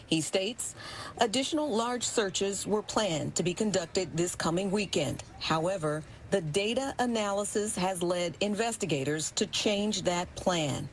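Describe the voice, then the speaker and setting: A woman news reporter delivering a scripted report in a measured, formal way. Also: medium pitch, slight background noise.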